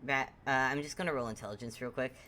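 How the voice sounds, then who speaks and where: A woman's voice: very deep voice, fast, bright, forceful tone, a little hiss or hum. A woman running a tabletop game as game master, narrating with frequent giggles. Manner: giggly, laughs often.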